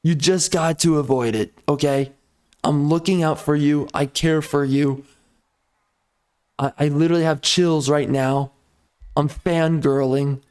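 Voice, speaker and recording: A man's voice: on the high side, fairly even intonation, a little slow, darkish tone, clean tone. A man giving casual gameplay commentary, ranting in a mock-outraged, sarcastic way. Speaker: strategy game YouTuber.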